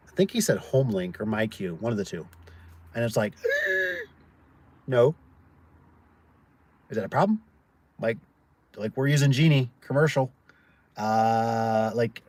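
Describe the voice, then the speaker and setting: A man's voice: medium pitch, a little mellow, no room sound. A man who owns a door and gate business, chatting casually and telling stories full of fillers and acted-out quotes. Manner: storytelling, acts out quoted people, lots of fillers. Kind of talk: casual rambling livestream chat.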